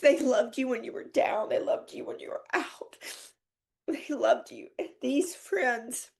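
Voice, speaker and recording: A woman's high, gravelly, slightly mellow voice moves a little slowly as she tells a personal story on her podcast. Her monologue is emotional and heartfelt, with laughter and tears mixed in.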